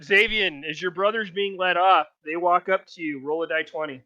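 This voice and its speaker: A woman running a tabletop game as game master on a live stream, playful and quick to laugh. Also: on the low side, fairly even intonation, pushed and bright, no echo, dull audio. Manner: laughs often, playful narration.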